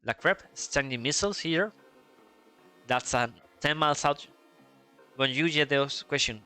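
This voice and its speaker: A man's voice: fairly high pitch, unhurried, long pauses, pushed and bright, clean tone, faint music behind. A man from Spain with a Spanish accent, chatty, casually commentating a flight-sim match and thinking aloud. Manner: chatty, thinks aloud with restarts and asides to chat. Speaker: esports commentator.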